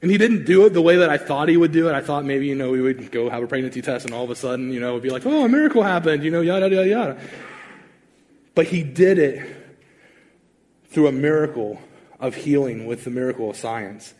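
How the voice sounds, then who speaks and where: A man's voice: medium pitch, a little fast. A man preaching a sermon as pastor, casual and conversational, acting out the voices in the stories he tells. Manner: animated, conversational, acts out quotes. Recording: long reverb of a large hall.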